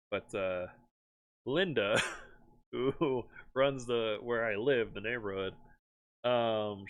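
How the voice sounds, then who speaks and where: Casual male streamer, chatty rambler, laughs a lot, mid-pitched. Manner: rambling, laughs often, animated when excited. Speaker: streamer host. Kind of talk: casual chat.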